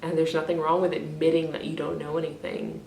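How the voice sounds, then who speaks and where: A woman's voice: deep voice, little pitch movement, fairly quick, vocal fry, darkish tone, reverberant, far from the mic, slight background noise. A woman ranting in an emotional vlog, crying, frustrated and rambling, swearing often. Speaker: vlogger.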